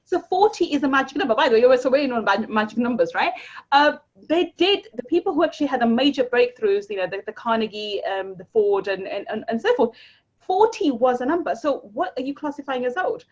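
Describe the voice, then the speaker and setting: On a dull, lo-fi recording, a woman guest who coaches money mindset talks fast in a husky, somewhat raised voice during a casual interview. Animated, she keeps repeating words and leaps upward in pitch to stress her points.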